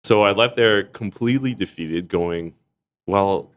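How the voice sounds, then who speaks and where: A young man with a deep, low voice talks in a relaxed podcast chat. He tells his stories with energy and laughs often mid-sentence. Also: moderate pace. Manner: animated, laughs often while telling stories. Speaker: arts executive director and stage actor, podcast guest. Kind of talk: casual storytelling in a podcast chat.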